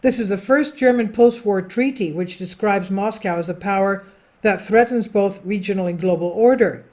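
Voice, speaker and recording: Reading a news story on her political commentary channel, this woman mixes in personal asides, fixes her own slips, and trips over foreign names. Her voice sits in the mid range with a darkish tone.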